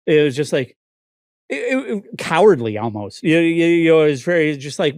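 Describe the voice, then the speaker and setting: A man's voice: a little high, animated, moderate pace, a little mellow, no echo, clean studio sound. A man hosting a podcast, ranting casually with lots of swearing and restarts. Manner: profane, ranting, many restarts. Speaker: podcast host.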